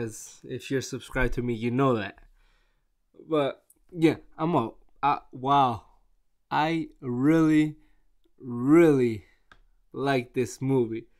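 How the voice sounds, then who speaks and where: A man chatting casually on camera in a rambling, excitable way, with many restarts. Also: medium pitch. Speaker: vlogger reviewing a movie. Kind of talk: casual chat.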